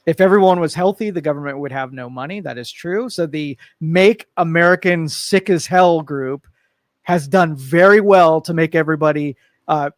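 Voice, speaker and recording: High-voiced man ranting sarcastically. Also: normal speed, dry recording, studio quality. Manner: exasperated, sarcastic rants. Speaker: talk show co-host. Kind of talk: casual talk show discussion.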